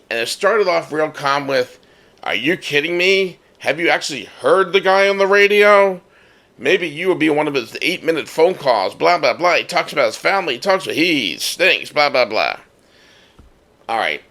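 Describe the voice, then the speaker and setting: A man hosting a podcast, telling a personal story in a casual, animated way and acting out the voices he quotes. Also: medium pitch. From United States. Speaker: podcast host.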